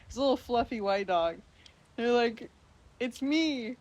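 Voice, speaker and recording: A woman's voice: a little high, moderate pace, darkish tone, no echo. A young woman, a guest on a casual podcast, chatting and laughing often as she talks. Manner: giggly, laughs often while talking. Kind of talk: casual chat.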